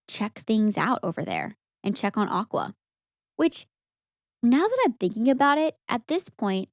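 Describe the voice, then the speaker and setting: A woman's voice: medium pitch, no room sound, clean studio sound. Chatty young woman recapping a movie. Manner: animated storytelling, acts out characters' lines. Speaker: podcast co-host. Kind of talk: casual movie recap chat.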